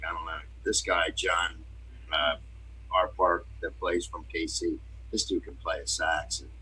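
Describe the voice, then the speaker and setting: On a low-quality recording, a podcast co-host speaks in a low-pitched, bright and forceful voice that's slightly rough. He's a laid-back storyteller in casual chat, throwing in playful impressions.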